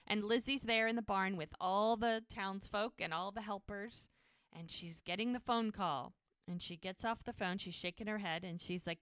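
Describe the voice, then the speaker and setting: Woman, podcast host, bright tone, dry close sound, casual retelling, quotes characters. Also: mid-range voice, fairly even intonation, normal speed, smooth, dry recording. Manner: retells scenes by quoting characters, with frequent "he's like". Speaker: podcast co-host recapping a TV episode. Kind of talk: casual recap chat.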